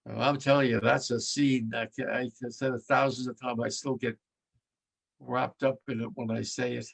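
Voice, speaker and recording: A World War II veteran in his nineties from the United States gives blunt, vivid testimony about his experiences. His voice is creaky and flat at a normal speed, dropping low and quiet when emotion takes hold.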